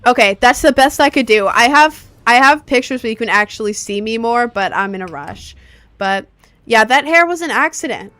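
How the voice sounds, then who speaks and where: A woman's voice: on the high side, animated, moderate pace, pushed and bright, dry recording. A young woman chatting casually on a live stream while playing a game, rambling and answering her chat.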